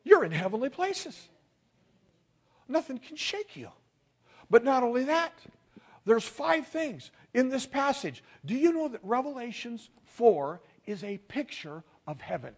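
A man's voice: very high-pitched, sing-song, unhurried, breathy edge. A male pastor preaching a sermon, emphatic and calling on the congregation to respond.

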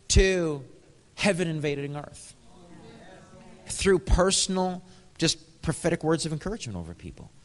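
A man's voice: on the high side, big-room sound. An American man preaching a sermon, telling stories in a casual, conversational way with frequent chuckles. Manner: conversational, chuckles often, acts out dialogue. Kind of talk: storytelling sermon.

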